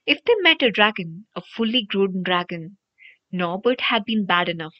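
A woman reading a storybook audiobook aloud in an animated, expressive narration. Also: mid-range voice, normal speed. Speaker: audiobook reader. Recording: dry, dull lo-fi audio.

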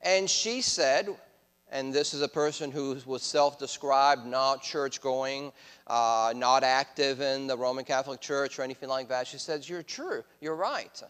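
A man's voice: mid-range voice, steady tone, a little slow, a bit bright, clean tone. A man with a French accent, preaching as a guest speaker in a church in a friendly, self-deprecating way with frequent hesitations. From France. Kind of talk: sermon. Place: church sanctuary. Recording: church hall reverb.

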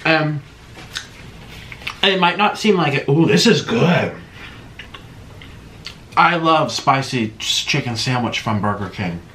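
Man, casual eating vlog, talks while chewing, faint background hiss, medium pitch. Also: a little slow, pauses often, bright, forceful tone. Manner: chatty, eating between sentences, mouth-full humming. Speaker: mukbang vlogger.

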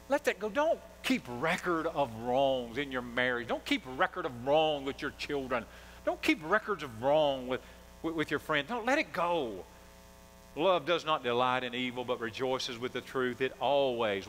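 A man's voice: medium pitch, a bit bright, slight background noise, poor audio. A male pastor preaching a sermon, emphatic, asking the congregation call-and-response questions.

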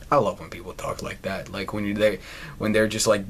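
A man hosting a gaming channel, doing loud, profane let's play commentary with lots of incredulous outbursts. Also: lowish voice, flat delivery, brisk. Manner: loud, swearing, incredulous, laughs a lot.

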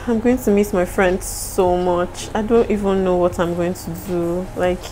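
Nigerian woman, young, low voice, slow talk, personal vlog, faint room hiss. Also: steady tone, mellow, rough recording. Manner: emotional, tearful and apologetic. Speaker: vlogger. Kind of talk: casual vlog talk to camera.

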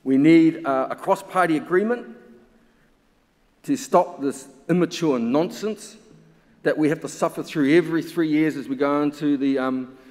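A man's voice: fairly high pitch, moderate pace, a little mellow. A man, a researcher giving an impassioned symposium talk full of pointed rhetorical questions. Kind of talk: conference talk. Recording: long hall reverb.

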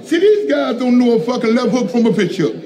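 A man's voice: very high voice, sing-song, brisk, mellow. A man talking in a boastful, brash way in an old interview clip. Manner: boastful, brash promoter talk. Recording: roomy echo.

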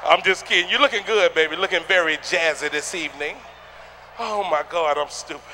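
A man doing a stand-up comedy routine on a theater stage, loud and rowdy, shouting punchlines at the crowd. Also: fairly high pitch, fairly quick, slight background noise.

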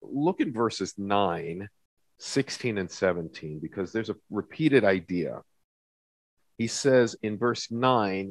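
Man, somewhat low voice, bible teacher, conversational, repeats himself, stresses scripture. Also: lively intonation, measured pace. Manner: conversational, repeats words, reads scripture with emphasis. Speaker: pastor.

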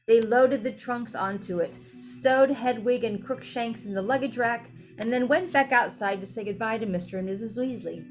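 A woman's voice: fairly high pitch, moderate pace, few pauses, faint music behind. Casual woman reading a novel aloud. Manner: casual, chatty asides between passages. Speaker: reader.

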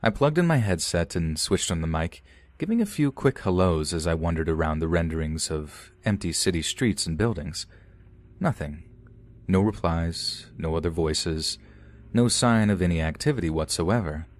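A man reading a first-person horror story as a podcast narrator, calm and measured. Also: low voice.

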